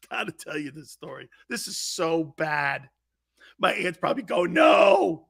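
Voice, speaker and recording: A middle-aged man hosting a sports talk show, telling stories loudly and laughing often. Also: fairly high pitch, lively intonation, measured pace, gravelly. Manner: loud, laughing, impersonates family in quotes. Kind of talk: animated sports talk storytelling.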